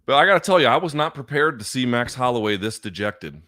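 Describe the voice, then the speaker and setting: A man hosting a live fight watchalong, going from loud excited outbursts to quiet, emotional reflection, with plenty of swearing. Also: medium pitch, fast. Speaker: host. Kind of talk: live fight reaction commentary.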